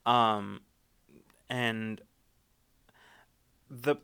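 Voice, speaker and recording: Bright, clear-voiced male game master. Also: medium pitch, very slow. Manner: rambling, many restarts and fillers. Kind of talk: narrating a tabletop game.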